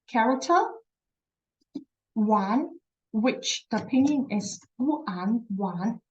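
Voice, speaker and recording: Slow, patient woman teaching Chinese. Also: fairly high pitch, darkish tone, highs cut off. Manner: repeats words slowly, encouraging, says "very good". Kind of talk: slow, patient language lesson.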